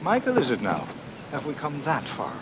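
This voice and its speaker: A man's voice: on the high side, huge pitch swings, moderate pace. An actor playing a suave, secretive male agent with a sly, teasing way of talking, in a television drama. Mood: flirtatious. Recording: noisy TV soundtrack.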